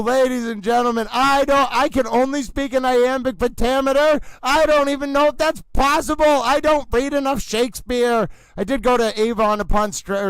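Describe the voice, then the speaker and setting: Very high-voiced man, melodramatic announcer. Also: smooth, dry recording, low-quality recording. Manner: overwrought mock horse-race announcer; theatrical, swooping exclamations. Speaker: livestream trial commentator. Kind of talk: comedic livestream commentary.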